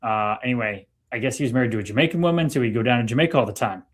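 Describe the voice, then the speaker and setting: A man on a live-streamed chat, spinning anecdotes with animated, excitable energy. He swears freely and keeps his tone loose and conversational. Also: mid-range voice, rapid-fire. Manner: animated storyteller, profane, excitable. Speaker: guest.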